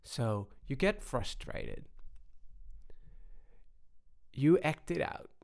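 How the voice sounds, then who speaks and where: A man giving a personal talk on balance, unhurried and full of pauses and restarts. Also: medium pitch, huge pitch swings, creaky, a little mellow. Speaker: speaker on balance.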